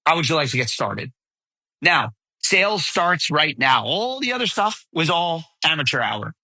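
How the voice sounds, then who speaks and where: Bright, punchy man coaching sales. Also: on the high side, normal speed, no room sound, rough recording. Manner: role-plays sales dialogue, energetic and direct. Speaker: podcast host. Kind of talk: solo sales coaching talk. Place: outdoors.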